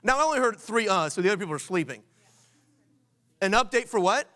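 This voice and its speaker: A man with a high, raised voice, hosting a conference session. He coaches a live audience energetically and keeps quizzing the room with questions. He comes from Washington, D.C. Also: expressive, fast, pushed and bright. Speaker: conference host.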